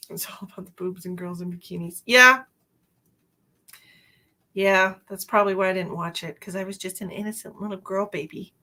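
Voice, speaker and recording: A woman's voice: medium pitch, sharp tone. A middle-aged woman hosting a live stream as a psychic medium, chatting casually and laughing often.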